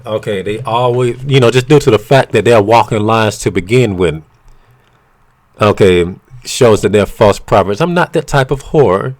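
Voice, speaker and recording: A man's voice: on the low side, normal speed. A man ranting bluntly and profanely to camera, retelling an argument with quoted back-and-forth. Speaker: vlogger. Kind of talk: casual ranting monologue.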